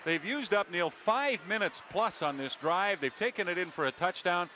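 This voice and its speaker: A man calling play-by-play for a televised football game in a crisp, steady broadcaster's delivery. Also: high voice, normal speed. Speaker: play-by-play announcer. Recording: loud crowd and stadium noise.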